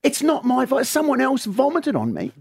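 A man's voice: very high-pitched, huge pitch swings, moderate pace, vocal fry, slightly rough, voice pushed up, heavily acted. A man voicing a drunk, panicky bloke pleading his case. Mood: panicked. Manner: frantic, pleading. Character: drunk panicky bloke in vomit-stained shirt.

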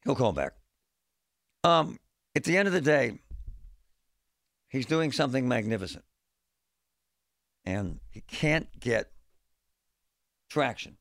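Blunt, gravelly radio host. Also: male voice, mid-range voice, animated, takes it slowly, pauses often, fairly bright tone, dry recording, studio quality. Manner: blunt, fed-up, folksy with slang. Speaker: radio talk show host. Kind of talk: opinionated talk radio monologue. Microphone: studio microphone.

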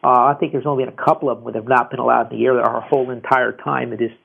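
Male radio host, rambling casual call-in talk, husky voice, tinny phone-like audio. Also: medium pitch, little pitch movement, racing. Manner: rambling, with many repeated restarts. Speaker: radio financial advice show host.

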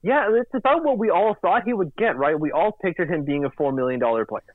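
A man's voice: sits high, brisk, no echo. Chatty man on a tinny line. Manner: chatty, animated, acts out quotes in silly voices. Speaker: podcast co-host. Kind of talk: casual sports podcast chat.

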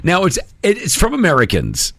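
A man with an Australian accent hosting a radio show, energetic and emphatic on a studio mic. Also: on the high side, moderate pace. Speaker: radio host. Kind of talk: morning radio banter.

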